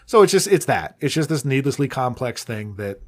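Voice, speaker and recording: Deadpan podcast co-host, mid voice. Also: male voice, mid-range voice, fairly quick. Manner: dry, deadpan jokes. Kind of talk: casual chat.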